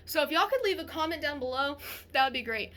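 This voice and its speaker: A woman's voice: high voice, lively intonation, fast talker, fairly bright tone. A young woman vlogging to a phone camera, telling a story casually in a rambling way with many restarts.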